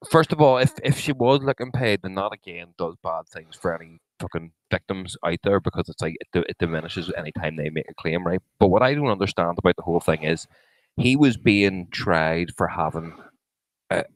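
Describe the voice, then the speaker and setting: A man's voice: low voice, no echo, poor audio. A man co-hosting a podcast, arguing his point in casual, sweary chat. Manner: argumentative, sweary, hesitant restarts. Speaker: podcast co-host.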